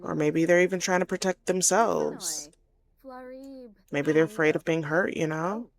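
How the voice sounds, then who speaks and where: A woman's voice: low voice, fairly even intonation, measured pace. A woman voicing a guarded, advising mother sim. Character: guarded older mother sim, gently probing.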